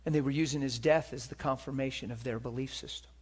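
A man preaching a sermon, moving between hushed, whispered moments and loud, impassioned stretches. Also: medium pitch, steady tone, quick pace, slightly rough.

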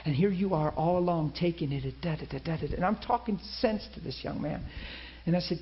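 A man's voice: a little high, brisk, highs cut off. A man preaching a sermon, telling a story and acting out the people in it.

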